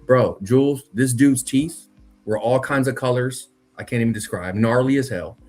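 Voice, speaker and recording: A man's voice: medium pitch, normal speed, darkish tone, faint music behind. A man telling a spooky story in a loose, profane, slang-heavy casual chat, talking directly to his co-host. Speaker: podcast co-host.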